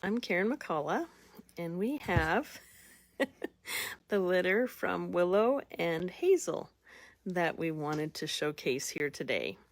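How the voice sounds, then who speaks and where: Chatty woman breeder with a lowish voice. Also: expressive, takes it slowly, no room sound. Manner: chatty and folksy, fond toward the puppies. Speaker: dog breeder showing puppies. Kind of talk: casual chat.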